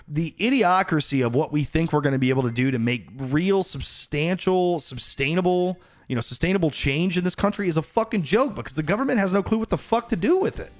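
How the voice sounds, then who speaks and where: A man's voice: on the high side, expressive, a little fast, hardly any pauses. A man ranting on a casual livestream, heated and profane, greeting viewers in between.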